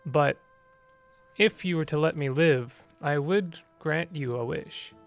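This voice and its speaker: A man voicing a wily talking spider who offers a wish to be spared, speaking slowly and mock-solemnly in a game playthrough. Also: on the high side, gravelly, faint music behind.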